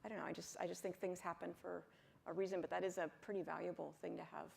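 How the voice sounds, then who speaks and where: A woman's voice: on the low side, flat delivery, fast talker, creaky, a little mellow, a little hiss or hum. A woman on a conference panel, talking things through reflectively in casual conversation. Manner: reflective, thinks aloud with fillers. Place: conference stage.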